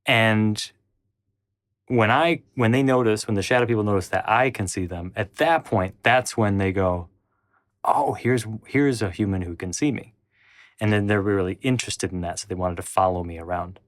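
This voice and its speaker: A man's voice: fairly low pitch, fairly even intonation, moderate pace, no echo, studio quality. A man telling a personal story, rambling with frequent restarts and acting out what people said. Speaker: channel host.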